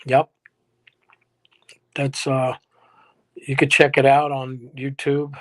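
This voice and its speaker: Speaking slowly in a completely flat, medium-pitched voice, a male musician guest tells a rambling anecdote, laughing and using some salty language. It's casual interview storytelling over a remote live-stream connection.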